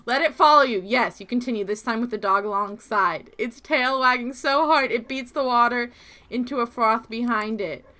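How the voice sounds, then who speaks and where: A woman streaming a video game, gasping and squealing with excitement, and murmuring quickly when she reads the game's text aloud. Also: fairly high pitch. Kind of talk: gaming livestream chat and reading game text aloud.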